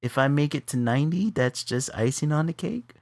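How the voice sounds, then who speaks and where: A man spinning a funny personal story in an easygoing chat. He laughs a lot and his voice leaps up when the story gets exciting. The sound is dry and close, with no room around it. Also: a little high, fairly quick, vocal fry, dry recording. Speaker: co-host of an art stream.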